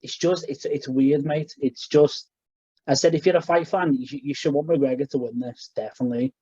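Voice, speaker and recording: A man's voice: medium pitch, steady tone, normal speed, mellow, breathy edge, no room sound. Rambling young man on a dull lo-fi podcast. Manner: rambling, full of fillers and restarts. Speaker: podcast co-host. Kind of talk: casual chat.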